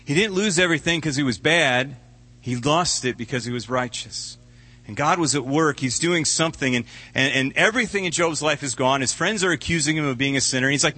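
A man's voice: on the high side, brisk, bright, forceful tone, husky, no room sound. A man pastor preaching a sermon in an earnest, conversational way, often repeating words as he goes.

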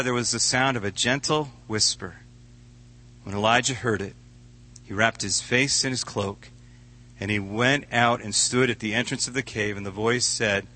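A man's voice: medium pitch, pushed and bright. Earnest man preaching a sermon. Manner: earnest, conversational preaching with repeated words. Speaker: pastor.

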